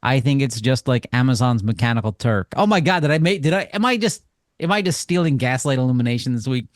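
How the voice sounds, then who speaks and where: A man's voice: mid-range voice, expressive, quick pace, no room sound, clean studio sound. A man co-hosting a podcast in casual chat, joking and sarcastic as he sums up news stories. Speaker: podcast co-host.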